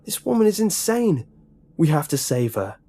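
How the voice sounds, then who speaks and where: A man voicing a frightened teenage boy who speaks breathlessly in a hushed voice. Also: mid-range voice, moderate pace, slightly rough, voice pushed up. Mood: desperate. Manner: whispered, breathless.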